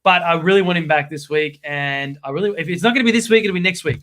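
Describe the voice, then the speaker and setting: A man co-hosting a live football fantasy show in playful, excitable casual chat. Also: fast. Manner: excitable, playful, animated pitch jumps. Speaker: podcast co-host.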